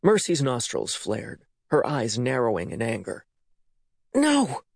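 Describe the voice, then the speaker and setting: Expressive male audiobook narrator. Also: mid-range voice, normal speed, gravelly, dry recording, clean studio sound. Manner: expressive, dramatic reading. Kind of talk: scripted narration.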